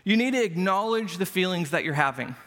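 A man with a high, light voice delivers a relaxed, conversational sermon. His words ring out with a long reverb through the church sanctuary. He makes his points with self-deprecating everyday stories. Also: a little fast. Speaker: pastor.

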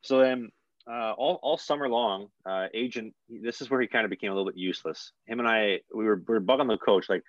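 A man's voice: fairly low pitch, brisk, dry recording, dull audio. Young man telling a profane story. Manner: animated, swears freely. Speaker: guest, hockey player. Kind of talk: casual storytelling.

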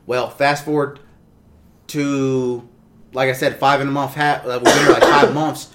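A man's voice: medium pitch, little pitch movement, a little slow, fairly bright tone. A man telling a long rambling story in casual chat, with many restarts and laughs.

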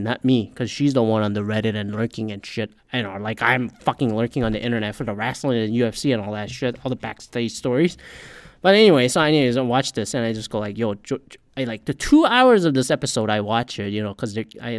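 A man riffs on a reality show in a loose, heated, profanity-laced ramble and keeps circling back on his own sentences. His voice sits at an ordinary middle pitch. The recording is close and dry, with no room sound. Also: animated, fast, no echo. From Korean American. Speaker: podcast host. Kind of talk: casual ranting commentary.

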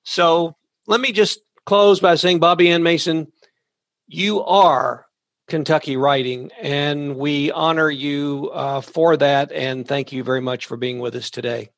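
A man hosting a podcast interview, speaking haltingly with frequent restarts. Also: a little high, steady tone, a bit bright, dry recording. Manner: halting, many fillers and restarts. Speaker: podcast host.

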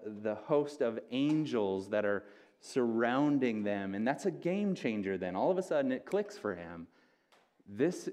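A man's voice: lowish voice, a little mellow. A man, a pastor, preaching an earnest, conversational sermon and often restarting his phrases.

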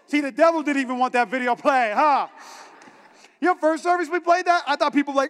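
A man who pastors a church, preaching a sermon in an animated, joking way and talking straight to his congregation. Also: very high voice, quick pace, soft background music. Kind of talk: energetic sermon. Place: large church hall. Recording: reverberant church hall.

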